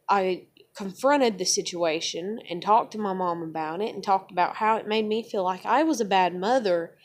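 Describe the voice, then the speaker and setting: A young woman venting in a personal vlog, cursing freely and telling a painful family story in a raw, emotional way. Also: fairly low pitch. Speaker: vlogger.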